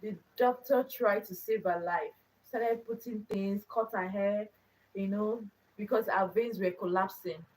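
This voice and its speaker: A woman's voice: medium pitch, unhurried, darkish tone, recorded from a distance, a little hiss or hum, poor audio. A young adult woman hosting her own channel, telling a personal story in an earnest way, repeating phrases for emphasis. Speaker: channel host.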